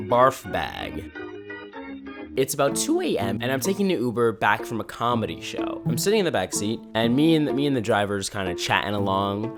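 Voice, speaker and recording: A man telling embarrassing stories in a lively, self-deprecating comic style. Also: mid-range voice, brisk, over music. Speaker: storyteller. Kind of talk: animated storytime narration.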